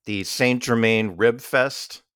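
In this casual podcast chat, the male co-host rambles along slowly, restarting often and leaning on fillers. He speaks in a mid-range voice that's slightly bright, clear and resonant, captured as clean, echo-free studio audio.

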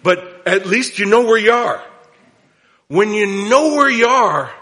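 Lively teaching pastor, a middle-aged man. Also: high voice. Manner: conversational teaching with humor and lively swings in emphasis. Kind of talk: sermon.

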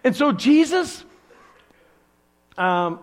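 Brief: older male preacher, high-set voice, unhurried, lively storyteller. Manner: animated storytelling with playful asides. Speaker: pastor. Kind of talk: sermon.

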